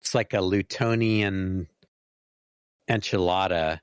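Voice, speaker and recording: An easygoing man in his forties with a low voice jokes along in a casual podcast chat. He keeps his replies short and relaxed. The recording is dry and close. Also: slow, smooth, no echo. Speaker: podcast co-host.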